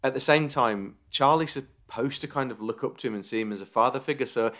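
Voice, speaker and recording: A man's voice: medium pitch, fairly quick, fairly bright tone. A man co-hosting a podcast, talking through his opinions in casual chat, often restarting mid-thought. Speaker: podcast co-host.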